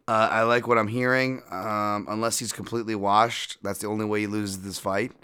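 A man hosting a fight podcast, breaking down bets in a profane, animated and self-deprecating way. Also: lowish voice, normal speed, smooth. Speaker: podcast host and fight analyst. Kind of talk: casual betting-podcast breakdown.

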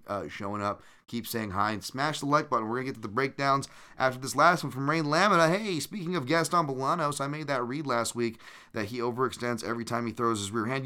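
A man's voice: fairly low pitch, sharp tone. A man hosting a live-streamed podcast, chatting loosely and reading out viewer comments, with plenty of fillers and restarts. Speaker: podcast host.

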